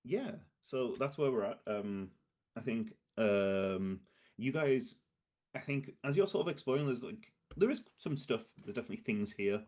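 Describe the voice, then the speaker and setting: A man's voice: mid-range voice, lively intonation, normal speed, darkish tone. A man running a tabletop game as game master, describing scenes in a hesitant, rambling way full of fillers and restarts.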